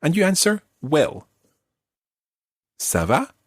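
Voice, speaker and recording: Lively husky male language teacher. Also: on the high side, no room sound. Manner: patient, explains slowly and models pronunciation. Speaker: language teacher and podcast host. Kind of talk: friendly guided language lesson.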